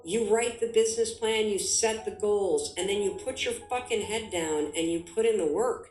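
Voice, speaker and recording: A woman's voice: medium pitch, normal speed, darkish tone, reverberant, soft background music, rough recording. A woman giving an emphatic motivational talk as a guest, full of vivid examples. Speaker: guest speaker.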